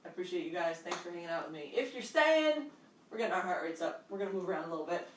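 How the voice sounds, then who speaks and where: A woman fitness instructor leads a live online workout, upbeat and encouraging as she calls out steps and counts at a quick pace. Her pitch is fairly low to mid range with big swings. A distant microphone gives her a roomy echo, and a faint hum of background noise runs underneath.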